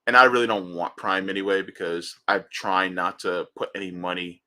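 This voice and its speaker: A man hosting a casual commentary show, animated and excitable, who jokes and swears casually. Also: low-pitched, normal speed. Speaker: show host.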